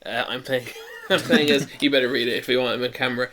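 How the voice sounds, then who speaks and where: A man's voice: mid-range voice, fairly even intonation, fast, crowd noise. A man with an Irish accent playing a board game, reading his character card with relish and laughing often. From Ireland. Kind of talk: casual chat and reading card text.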